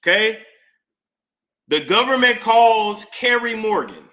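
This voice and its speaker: A man hosting a casual recap stream, reading out both sides of courtroom exchanges in an animated, playful way. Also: medium pitch, normal speed. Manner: reads out both sides of courtroom exchanges, slipping in put-on voices.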